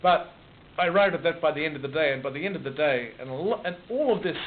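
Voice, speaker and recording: In a fairly high, animated voice and at a quick pace, an Australian author in his sixties muses on his writing in conversation with an interviewer, restarting and repeating words often. The sound is muffled and noisy, like a phone line.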